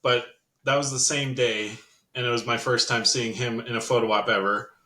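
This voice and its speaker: A man's voice: medium pitch, steady tone, normal speed, pushed and bright. A man in his twenties, a podcast guest, telling a story casually in a laid-back way with dry humor. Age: 20s. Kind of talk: casual chat. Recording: roomy echo.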